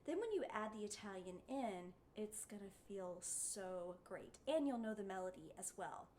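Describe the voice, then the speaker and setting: A woman's voice: mid-range voice, lively intonation, moderate pace, a little mellow, slight background noise. A woman giving a singing lesson, encouraging her students and showing them the sounds with sung vowels. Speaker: voice teacher.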